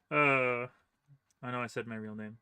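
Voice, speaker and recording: Bright, forceful, and clean, this man's medium-pitched voice comes through with no echo. As host of a gaming channel, he chats casually during co-op gameplay, full of fillers and chuckling as he rambles.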